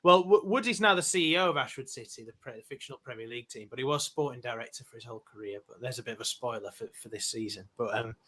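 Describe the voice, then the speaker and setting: A man who is a guest voice actor, chatting excitably and with self-deprecating humor on a podcast. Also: mid-range voice, very fast, hardly any pauses. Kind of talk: casual podcast chat.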